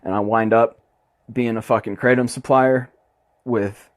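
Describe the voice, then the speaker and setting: A man's voice: medium pitch, fairly even intonation, unhurried, dry recording, studio quality. A young man hosting his own podcast, ranting bluntly and passionately with constant swearing in a casual monologue. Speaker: podcast host.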